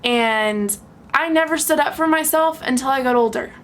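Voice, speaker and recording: Young woman, casual to-camera chat, frank, animated, laughs a lot, high-ish voice. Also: moderate pace, a little hiss or hum. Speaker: vlogger. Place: at home with her dog.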